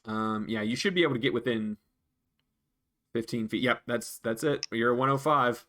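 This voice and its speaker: A man narrating as dungeon master, relaxed, with frequent ums and restarts. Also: medium pitch, moderate pace. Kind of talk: narrating a tabletop game.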